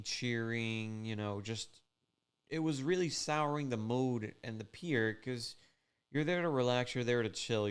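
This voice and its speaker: Laid-back man, smooth voice. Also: fairly low pitch. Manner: rambling, laid-back, full of "like" and "you know". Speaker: fishing channel host. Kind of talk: casual storytelling recap.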